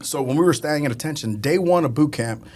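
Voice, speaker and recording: A man telling casual stories as a podcast guest, animated and often laughing as he talks. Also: on the high side, quick pace. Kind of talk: casual storytelling.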